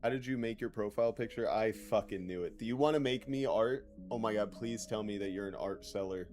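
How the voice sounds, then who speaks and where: A man's voice: lowish voice, brisk, pushed and bright, faint music behind. Joking, profane male streamer. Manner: loose, joking and profane, reads chat aloud. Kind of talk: casual live-stream chatter.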